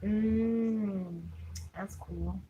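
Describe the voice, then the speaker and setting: A woman's voice: mid-range voice, fairly even intonation, very slow, phone-quality sound, slight background noise. A young adult woman chatting casually with viewers on a live stream, full of fillers and asides. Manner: chatty, fillers like "you know what I'm saying".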